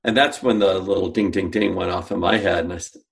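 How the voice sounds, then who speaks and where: A man's voice: low-pitched, steady tone, a little fast, gravelly. A man, a guest on an interview, telling a story and acting out the dialogue he quotes. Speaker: guest, sales company founder.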